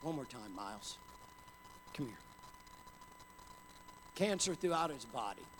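A man preaching a sermon with passion, dropping to a hush and then building up to shouts. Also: medium pitch, very animated, unhurried, background noise. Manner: impassioned, swings from hushed to shouting. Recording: hall reverb with faint ambience.

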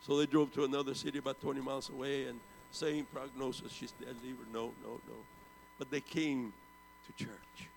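A man in his seventies tells a story from the pulpit in a gravelly voice. He rises to loud bursts and sinks to hushed low tones, and a long hall echo trails each phrase. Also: steady tone, normal speed, a little hiss or hum. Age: 70s. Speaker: preacher. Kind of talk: storytelling sermon.

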